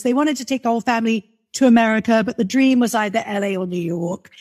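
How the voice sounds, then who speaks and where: A woman in her forties from London with a softened English accent, chatting animatedly as an interview guest and laughing often. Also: a little high. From London, England. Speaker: guest, music marketer. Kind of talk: casual interview chat.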